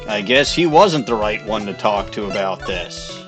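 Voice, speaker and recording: A man's voice: lowish voice, lively intonation, moderate pace, music in the background. A man giving casual, profane gameplay commentary with wry asides. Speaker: let's play host.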